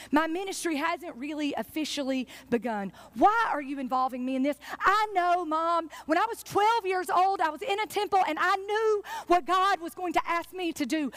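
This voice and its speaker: A woman's voice: extremely high pitch, a bit bright, voice pushed up. A woman preacher voicing Jesus as an earnest young man pleading with his mother, in an impassioned, rising delivery.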